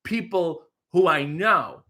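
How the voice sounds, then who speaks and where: A man's voice: on the high side, takes it slowly, sharp tone. A man hosting a casual livestream, reading chat messages and making wry jokes. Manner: wry, joking asides to the chat. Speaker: livestream host.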